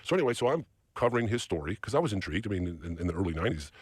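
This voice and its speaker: A man with a lowish, husky voice tells a story as a podcast guest. His pitch swings widely as he acts out the lines of the people in it. The studio mic sounds close and dry, with no room around it. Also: sing-song, racing, no echo. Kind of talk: animated storytelling.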